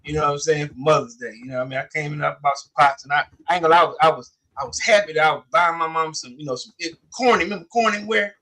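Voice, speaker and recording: A man in his forties telling a story in casual chat, animated, acting out the quotes with many fillers. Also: fairly high pitch, very fast, hardly any pauses. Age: 40s. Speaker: podcast co-host.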